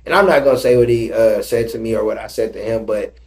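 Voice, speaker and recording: A man's voice: lowish voice, fast talker, creaky. A man hosting a podcast, chatting casually in a laid-back, slangy way about his kids. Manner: laid-back, slangy, laughs while talking. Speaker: podcast host. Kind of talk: casual chat.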